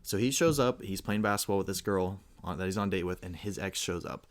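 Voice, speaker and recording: Young guy rambling through a wild story on his podcast, kinda low voice, does the voices when he quotes people. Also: fast. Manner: rambling, animated storyteller who acts out quotes. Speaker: podcast co-host. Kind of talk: casual storytelling chat.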